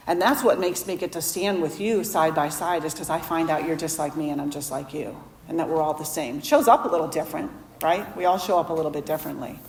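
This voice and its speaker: A woman shares her story at a recovery meeting, candid and self-deprecating, with a slightly low voice. Her voice rings in a reverberant hall, picked up through a podium mic with faint room noise behind her. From Florida. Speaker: AA speaker. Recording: echoey hall recording.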